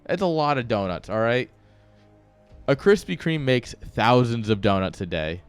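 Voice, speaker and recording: A man's voice: medium pitch, expressive, normal speed, clear, resonant tone, faint music behind. Rambling, joking male game caster. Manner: rambling, joking, swears freely. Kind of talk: casual live-stream commentary.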